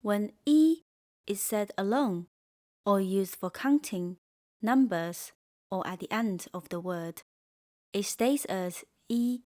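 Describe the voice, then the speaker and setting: A woman teaching a pinyin lesson, speaking slowly and clearly and leading repeat-after-me drills. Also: medium pitch, darkish tone. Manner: slow, clear, drills repetition. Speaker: Mandarin teacher. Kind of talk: scripted language lesson.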